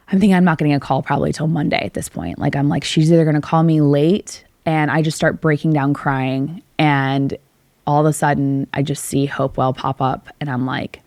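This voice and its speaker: A woman's voice: low voice, flat delivery, normal speed, darkish tone, dry recording. A woman on a podcast, telling a personal story with feeling and acting out both sides of the conversations. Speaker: podcast co-host. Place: podcast studio.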